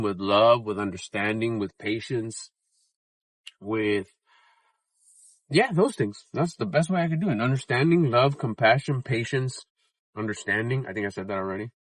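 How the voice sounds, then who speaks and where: A man's voice: medium pitch, fairly bright tone, no room sound, rough recording. A man in his fifties vlogging casually while out running errands, talking in a rambling, reflective way with frequent restarts. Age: 50s. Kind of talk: casual vlog chat.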